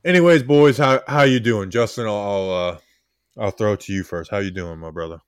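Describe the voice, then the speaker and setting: A man's voice: on the low side, brisk, smooth, no echo, clean studio sound. A man hosting a casual podcast chat, talking candidly in a subdued, heartfelt way. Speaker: podcast host.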